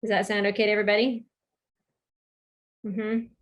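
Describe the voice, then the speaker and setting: A woman's voice: medium pitch, little pitch movement, normal speed. A woman leading a video-call work meeting, guiding the group and asking what they think, with many filler ums. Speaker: meeting facilitator. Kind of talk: online group meeting discussion.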